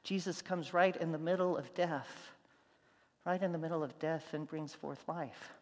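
A man preaching a sermon, telling stories, going from loud and animated to quiet and soft. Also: on the high side, moderate pace, in a large hall. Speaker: pastor.

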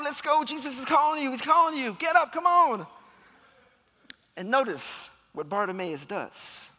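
High, lively preacher in a reverberant church. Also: male voice. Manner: dramatic storytelling, acting out shouts and voices. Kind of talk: sermon. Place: church sanctuary. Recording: long hall reverb.

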